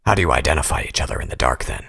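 A man doing a deep gravelly cold pony captain. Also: racing, exaggerated voice. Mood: flat. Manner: flat, patient. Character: cold, calm male pony captain interrogator. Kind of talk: audiobook character voice.

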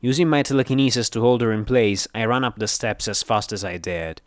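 A man reading a first-person adventure story aloud, brisk and earnest, close to the mic. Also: mid-range voice, dry recording. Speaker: narrator.

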